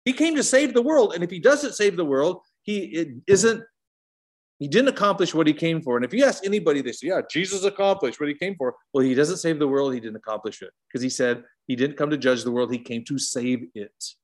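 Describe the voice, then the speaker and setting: A middle-aged man teaching an informal Bible study, swinging between emphatic high bursts and soft low asides. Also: animated, fairly quick.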